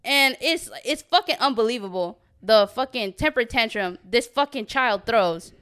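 A woman's voice: fairly high pitch, lively intonation, normal speed, fairly bright tone, smooth. A young woman in her twenties on a podcast, telling a profane story in casual chat and acting out the quotes. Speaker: podcast co-host.

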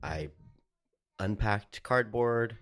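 Super deep voiced guy on a podcast, teasing and goofing around. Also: very slow, a bit bright. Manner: teasing, goofy. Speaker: podcast co-host. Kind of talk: casual chat.

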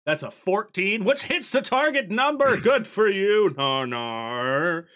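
A man narrating as game master in a tabletop game, playful and animated. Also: sits high, slow, a little hiss or hum.

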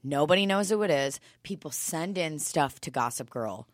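A woman with a notably low voice talks in loose, rambling casual chat, dropping swear words and fillers as she goes. The sound is dry and close, with no room around it. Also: expressive, normal speed, no room sound. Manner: profane, rambling with lots of fillers.

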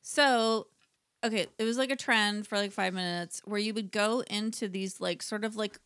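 A woman's voice: mid-range voice, moderate pace, fairly bright tone, clear, resonant tone, no room sound, studio quality. A woman co-hosting a casual chat, rambling through stories with frequent giggles. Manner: chatty, giggly, rambling storyteller. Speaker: podcast co-host.

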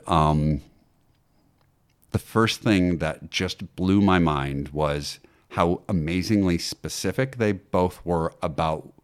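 Very deep-voiced man telling stories. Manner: animated, with many fillers and restarts. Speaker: actor and acting teacher. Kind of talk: conversational interview storytelling.

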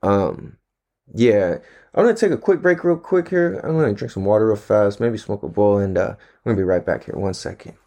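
A man's voice: on the low side, animated, fairly quick, mellow. Laid-back slangy man talking casually. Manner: laid-back, slangy, swears a lot, laughs often. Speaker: solo podcast host. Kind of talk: casual rambling monologue. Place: at home, on camera.

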